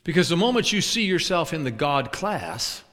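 A man's voice: fairly high pitch, moderate pace. A man preaching a sermon, telling humorous stories and acting out scenes, with chuckles along the way. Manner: animated, acts out scenes and chuckles at his own stories. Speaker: traveling preacher. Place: large church sanctuary. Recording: long reverb of a large church.

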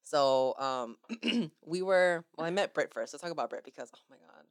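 Young female podcast host, low-pitched, close and dry, chatty and effusive. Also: normal speed, smooth, dry recording. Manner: gushing, animated storytelling with acted-out quotes. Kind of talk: casual chat.

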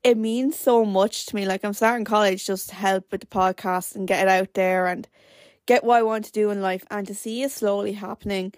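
A woman's voice: mid-range voice, steady tone, brisk, darkish tone, no echo, clean studio sound. A young Irish woman in her late teens hosting a podcast, rambling through stories with lots of filler words. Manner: rambling storyteller, many "like" fillers. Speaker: podcast host. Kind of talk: casual chat.

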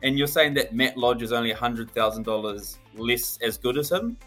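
A man's voice: medium pitch, moderate pace, a bit bright, soft background music. A man co-hosting a casual sports podcast, blunt and wryly sarcastic about his team. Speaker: podcast co-host.

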